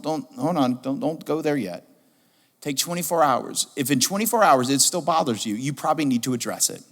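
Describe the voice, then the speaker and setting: A middle-aged man preaching a sermon as a pastor, telling a story in an animated, humorous way. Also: fairly high pitch. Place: church auditorium. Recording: long hall reverb.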